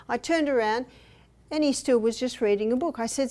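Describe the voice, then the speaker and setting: Animated older Australian woman lecturing. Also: a little high, a little fast. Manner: animated storytelling, acting out voices, laughing often. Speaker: health lecturer. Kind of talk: live lecture with anecdotes.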